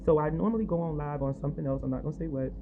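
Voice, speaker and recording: Recorded on a phone in her own apartment building, a woman vlogger shares a personal testimony in a chatty, rambling, half-whispered way, quoting other people as she retells it. Her low voice runs very fast and stays animated. The audio is tinny and carries faint noise.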